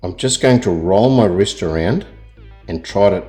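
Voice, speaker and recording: A middle-aged Australian man talks through a painting as he works, in a fairly low voice. His delivery is rambling and chatty, full of little self-deprecating jokes. Soft music plays faintly behind him. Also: expressive, measured pace. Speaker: art tutor. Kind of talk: real-time painting tutorial.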